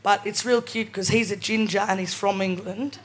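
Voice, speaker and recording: A woman's voice: mid-range voice, steady tone, moderate pace. A woman in her twenties with an Australian accent doing a live stand-up set, casual and cheeky, often tagging lines with "right?". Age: 20s. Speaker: stand-up comedian. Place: live comedy venue.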